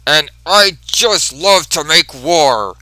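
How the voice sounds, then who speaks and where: A man's voice: a little high, animated, slow, pushed and bright, no room sound, heavily acted, rough recording. A man voicing a cocky, smug gray brute from a comic who trades sarcastic quips. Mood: wisecracking.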